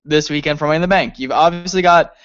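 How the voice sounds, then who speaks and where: A man's voice: fairly high pitch, fast, fairly bright tone, smooth, dry recording, muffled recording. A man co-hosting a casual wrestling review podcast, rambling and laughing as he talks. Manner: rambling, laughing often, lots of fillers. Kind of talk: casual chat.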